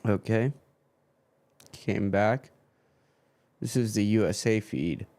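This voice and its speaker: A man's voice: lowish voice, takes it slowly, darkish tone. A man hosting a live football watchalong stream, swearing and grumbling as his stream keeps freezing.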